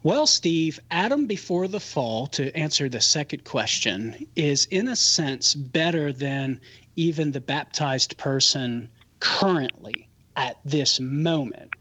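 Husky-voiced male expert explaining doctrine. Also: on the high side, fairly bright tone, no room sound. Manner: careful, explanatory. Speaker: radio show guest expert. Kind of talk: measured theological explanation. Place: radio studio. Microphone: studio microphone.

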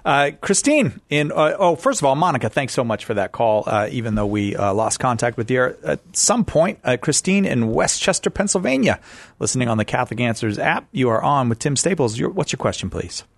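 An easygoing man hosting a call-in radio show, cracking jokes and introducing callers. His voice is of middling pitch, and the studio sound is dry and close. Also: big pitch swings, fairly quick, vocal fry, no echo. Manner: easygoing, joking, brief interjections.

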